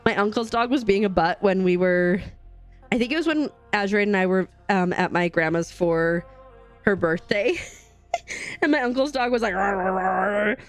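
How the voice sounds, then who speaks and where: A woman's voice: mid-range voice, lively intonation, normal speed, smooth, faint music behind. A young woman hosting a live craft stream, chatting casually and rambling to her chat while she stitches, recorded at home on a desk mic. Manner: bubbly, rambling, reads and answers chat. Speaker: livestream host.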